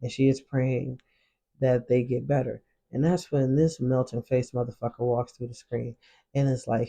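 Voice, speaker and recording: A man's voice: mid-range voice, level tone, normal speed, vocal fry, mellow. A man casually recapping drama episodes in loose, slangy storytelling, acting out the characters' lines as he goes. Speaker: show reaction host.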